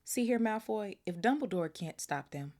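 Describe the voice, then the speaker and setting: A woman's voice: mid-range voice, animated, normal speed, a little mellow, voice pushed up, lightly acted. A woman voicing a flustered, nervous middle-aged official man who protests in alarm.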